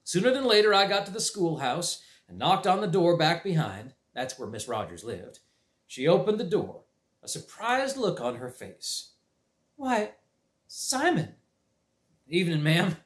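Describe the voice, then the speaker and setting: Man reading a storybook aloud, lively. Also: on the high side, normal speed. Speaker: library read-aloud reader. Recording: roomy echo.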